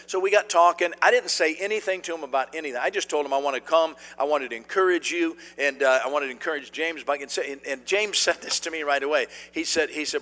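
A preacher delivers a folksy sermon full of stories. His voice is bright and forceful, and it carries a long reverb from the church hall he speaks in. He talks animatedly, with plenty of fillers and restarts. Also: a little high, fast talker, hardly any pauses. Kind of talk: sermon with storytelling.

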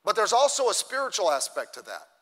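High-voiced preaching man, echoing hall. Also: wildly swooping pitch, quick pace. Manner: emphatic preaching, rising and dropping in loudness. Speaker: pastor. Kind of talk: sermon. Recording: long hall reverb.

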